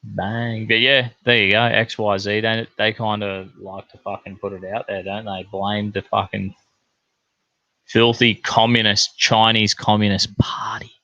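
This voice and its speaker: A man's voice: on the low side, flat delivery, measured pace, bright, forceful tone, no echo, lo-fi sound. Foul-mouthed Australian man ranting. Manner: swears constantly, rambling with many fillers. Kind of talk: casual rambling rant.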